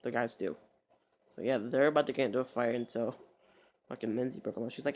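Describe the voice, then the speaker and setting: A man's voice: medium pitch, fairly even intonation, quick pace, darkish tone. Rambling, foul-mouthed young vlogger man. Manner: profane, rambling, stumbling restarts. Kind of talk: rambling casual storytelling.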